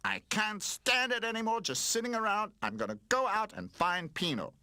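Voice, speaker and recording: A man's voice: sits high, wildly swooping pitch, moderate pace, sharp tone, no room sound, studio quality, pitched above the performer's own voice, heavily acted. A man reading a storybook, voicing an impatient, blunt roller toy who speaks emphatically. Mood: exasperated. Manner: emphatic, exasperated.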